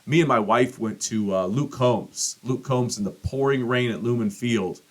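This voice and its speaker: A middle-aged man hosting a podcast, telling a rambling, profane story and acting out quotes with big jumps in pitch. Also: normal speed. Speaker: podcast host. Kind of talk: casual monologue.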